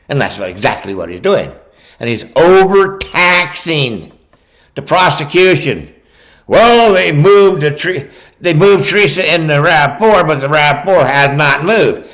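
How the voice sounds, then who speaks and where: A man's voice: mid-range voice, fairly bright tone, rough recording. A man giving ranting true-crime commentary, combative and profane, talking straight at the person he criticizes. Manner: combative, profane, addresses his target directly.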